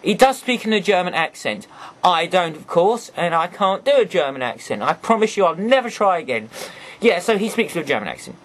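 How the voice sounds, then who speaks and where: A man's voice: sits high, big pitch swings, fairly quick, a bit bright. A man reviewing a toy in a casual, rambling way, breaking off for joking, apologetic asides.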